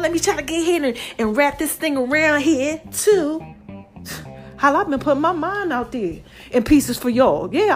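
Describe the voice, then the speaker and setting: A woman hosting a podcast, chatting casually and out of breath, calling her listeners y'all and child, with faint music behind. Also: high-pitched. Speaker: podcast host.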